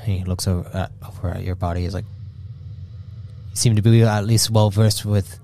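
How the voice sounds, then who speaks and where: A man narrating a tabletop game as game master, halting with fillers. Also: low voice, fairly even intonation, warm tone, slight background noise.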